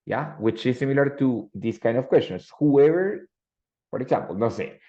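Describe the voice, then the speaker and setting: Gravelly male teacher. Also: mid-range voice, lively intonation, normal speed, highs cut off. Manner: switches between English and Spanish, explaining with examples. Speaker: English teacher. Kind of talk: online English class.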